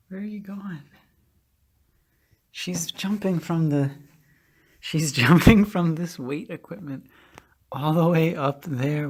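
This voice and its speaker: Woman, pet owner on home video; unhurried, coaxing cat-talk with whispers. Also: on the low side, a little mellow, husky. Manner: coaxing, fond baby-talk to the cats, often whispering. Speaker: cat owner filming her pets. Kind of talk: casual home video, talking to pets.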